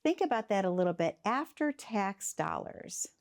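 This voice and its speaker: A woman's voice: mid-range voice, very animated, moderate pace, creaky. A woman co-hosting a talk show, affirming her guest and asking leading questions. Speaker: co-host. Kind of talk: casual talk-show chat.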